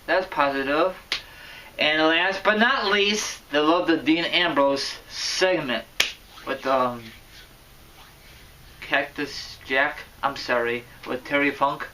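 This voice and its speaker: A man giving casual wrestling vlog commentary, rambling and correcting himself, with sudden loud bursts. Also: fairly high pitch, takes it slowly, recorded from a distance, noisy background. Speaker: wrestling vlogger.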